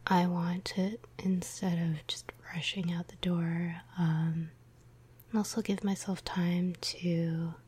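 A woman speaking in a soft unvoiced whisper, rambling in a just-woken morning voice with many ums. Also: on the low side, breathy edge. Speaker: vlogger.

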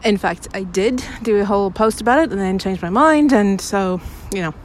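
With a medium-pitched voice at normal speed, a young audio maker chats casually to her listeners outdoors. She rambles, makes fun of herself, and fills her speech with fillers, while a little hiss or hum is audible.

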